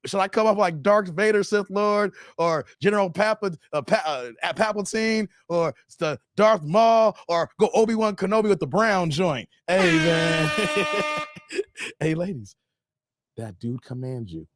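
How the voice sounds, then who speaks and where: A man's voice: sits high, a little slow, no room sound, studio quality. A man hosting a casual livestream, thanking donors and reading chat, playful and laughing often.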